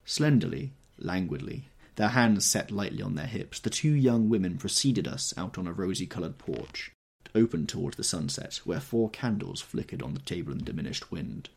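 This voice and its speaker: A man narrating an audiobook in an expressive, measured storytelling manner. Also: low-pitched, creaky, breathy edge.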